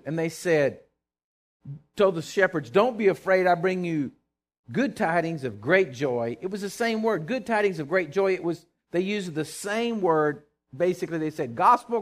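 High-voiced animated preacher man. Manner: animated, folksy preaching with rising emphasis. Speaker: pastor. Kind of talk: sermon.

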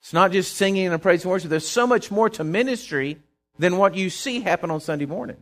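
Folksy preacher, higher-pitched man. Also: a little fast, fairly bright tone. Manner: folksy, storytelling, earnest and emphatic. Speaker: pastor. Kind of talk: sermon.

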